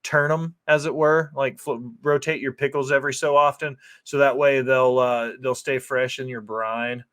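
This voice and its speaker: A chef offers a rambling, profane commentary over a cooking video, with gaps filled by "like" and "um." His man's voice is medium in pitch, steady, normal in speed, and slightly bright with a clean tone.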